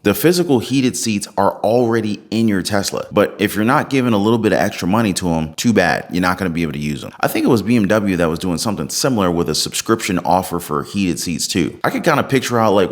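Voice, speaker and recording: A man hosting a casual commentary vlog, joking and sarcastic as he talks to his viewers. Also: low-pitched. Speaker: host.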